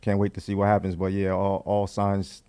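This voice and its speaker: A man's voice: low-pitched, monotone, normal speed, warm tone, clear, resonant tone. A man co-hosting a sports podcast, talking casually and agreeing easily. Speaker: podcast co-host.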